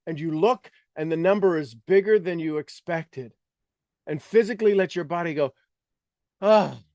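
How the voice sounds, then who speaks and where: Male coach, slightly high voice, energetic and coaxing, dry close recording. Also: normal speed, dry recording. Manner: energetic, coaxing, acts out reactions. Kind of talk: guided visualization workshop. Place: online video call session.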